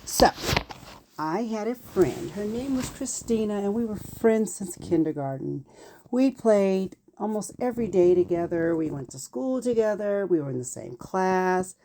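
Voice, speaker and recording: A woman in her fifties tells a personal story from her childhood. Her voice is warm and darker in tone, and her pitch moves in a lively, animated way as she acts out the people in the story. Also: unhurried, slight background noise.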